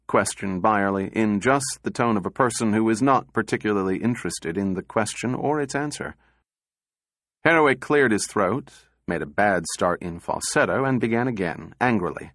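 Low-voiced male audiobook narrator. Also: lively intonation, normal speed, fairly bright tone, no echo, studio quality.

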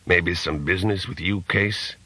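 A man voicing an ugly, gruff older bartender who teases a regular in an audiobook. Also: low voice, moderate pace, bright, forceful tone, no echo, exaggerated voice. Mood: teasing. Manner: grunting, teasing.

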